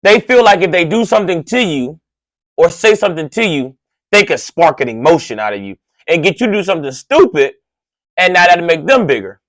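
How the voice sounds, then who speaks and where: A man who hosts a radio show, telling a story in an animated monologue, slangy and excitable, often tossing in "right?" asides and getting loud and high when worked up. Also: brisk, no echo. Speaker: radio host.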